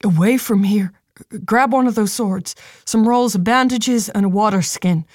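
A determined young soldier on a battlefield, talking low and urgently to his hurt brother, as a woman narrating puts him on. The voice sits a little above the reader's own, dry and close. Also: a little slow, no echo, close to an everyday voice. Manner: urgent, hushed. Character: young male soldier Thalen, determined under strain. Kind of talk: audiobook character voice.

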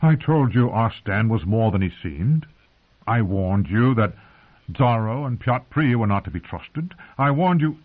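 A man's voice: on the low side, animated, a little slow. A man reading aloud, voicing a big, proud exiled knight who defends himself and pleads, heard through narrow phone-like sound. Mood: defensive.

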